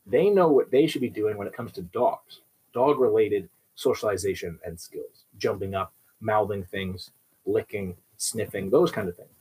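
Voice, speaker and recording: Husky man explaining dog training. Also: lowish voice, moderate pace, a little mellow, poor audio. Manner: explains with everyday examples, often asks "right?". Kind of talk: instructional talk.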